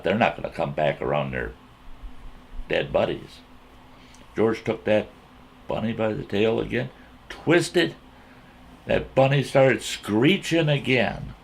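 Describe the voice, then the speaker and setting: A man telling a folksy campfire story in an animated way, repeating himself as he builds the scene. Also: fairly low pitch, creaky, slight background noise. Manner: drawn-out, repetitive, animated retelling.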